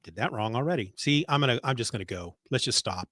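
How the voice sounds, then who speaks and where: A man's voice: mid-range voice, animated, fast, sharp tone, no echo, studio quality. A middle-aged man co-hosting a podcast, chatting casually and rambling, a bit congested, swearing freely as he retells scenes with animation. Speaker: podcast co-host. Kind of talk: casual chat. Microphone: remote call mic.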